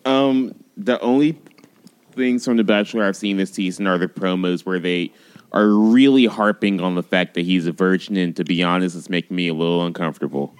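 A man's voice: sits low, fairly quick, clear, resonant tone. A man co-hosting a podcast in casual chat, giving short wry reactions. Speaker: podcast co-host.

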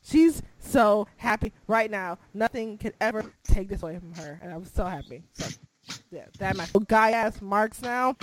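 A young woman co-hosting a casual wrestling chat, excitable and laughing, swinging from low mumbles to squeals. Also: moderate pace, noisy background. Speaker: podcast co-host.

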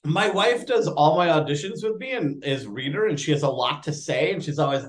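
A man, an actor, chatting casually in an interview and telling lively stories. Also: on the high side, a little fast, few pauses. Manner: animated storyteller, acts out quotes. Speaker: actor guest.

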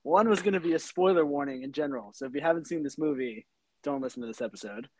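A man's voice: fairly high pitch, expressive, quick pace, darkish tone, slight background noise, poor audio. A man co-hosting a podcast in casual chat, joking and laughing often. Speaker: podcast co-host.

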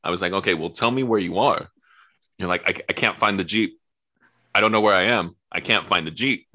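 A man's voice: low-pitched, brisk, bright, forceful tone. A man co-hosting a podcast, recounting a night out step by step in casual chat. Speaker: podcast co-host.

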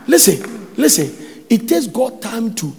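A man with a Ghanaian accent preaching a sermon as pastor, breaking into sudden shouts and sung phrases. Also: very high voice, very animated, unhurried, vocal fry. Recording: long hall reverb.

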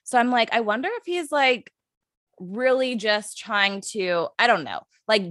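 A woman's voice: on the high side, measured pace, no room sound, studio quality. A young woman co-hosting a casual podcast chat, blunt and profane, telling stories with lots of energy. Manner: blunt, profane, animated storytelling. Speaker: podcast co-host.

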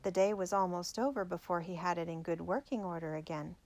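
A woman narrating a biography aloud in a measured, clear storytelling manner. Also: on the low side, steady tone, a little mellow.

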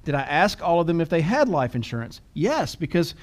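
A middle-aged man with a fairly high voice, co-hosting a casual podcast. He tells stories at his own expense and laughs often as he goes. His talk is loose and conversational. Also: big pitch swings, fairly quick. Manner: self-deprecating storyteller, laughs often. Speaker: podcast co-host.

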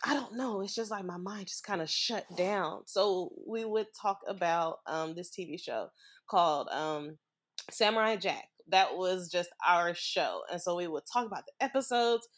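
Fairly low in pitch and moderate in pace, this young Midwestern woman shares a personal story as a podcast guest. Her telling is candid and casual, with laughter breaking through even the painful parts.

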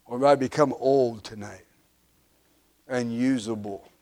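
A man's voice: a little high, moderate pace. A man in his fifties preaching a sermon as pastor, with emphatic repeated refrains, frequent restarts and filler uhs, his volume swelling and dropping. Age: 50s.

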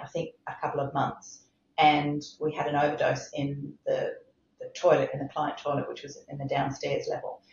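A woman's voice: deep voice, vocal fry, slight background noise. Impassioned woman, roomy sound. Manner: impassioned, emphatic, repeats for stress. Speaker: medical director, interview guest. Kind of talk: podcast interview. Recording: roomy, slightly dull sound.

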